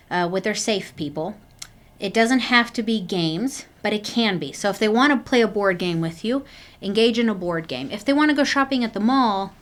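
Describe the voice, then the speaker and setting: Woman presenter, parenting workshop; gentle, encouraging, unhurried, mid pitch, natural fillers.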